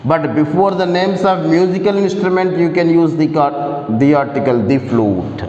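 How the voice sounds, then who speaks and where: A man's voice: a little high, moderate pace, a little mellow, slight background noise. A man with an Indian English accent, teaching grammar in a lecture and repeating key phrases for emphasis. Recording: echoey room, muffled lo-fi audio.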